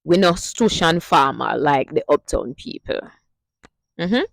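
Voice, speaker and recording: A woman's voice: low-pitched, lively intonation, measured pace, gravelly, dry recording, rough recording. A woman from Jamaica with a Jamaican accent, explaining things to her viewers in a casual vlog, emphatic and affectionate, often asking them questions. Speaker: vlogger teaching Jamaican patois.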